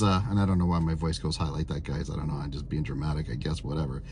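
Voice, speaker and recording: A man's voice: a bass voice, fast, few pauses, darkish tone, slight background noise. A man in his fifties earnestly telling personal faith testimonies in a rambling way, repeating himself and using many fillers. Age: 50s. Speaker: vlogger sharing testimonies.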